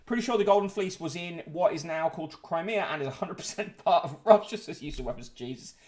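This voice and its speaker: Man, slightly high voice, sardonic, casual livestream, headline reading, fillers and swearing. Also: fast, darkish tone. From United Kingdom. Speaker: host reading newspapers and chat comments.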